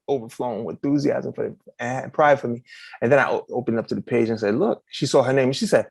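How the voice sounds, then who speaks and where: Lively male author guest, acts out quotes, dry close sound, casual storytelling. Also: mid-range voice, fast, creaky, slightly rough, dry recording. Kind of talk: casual interview chat.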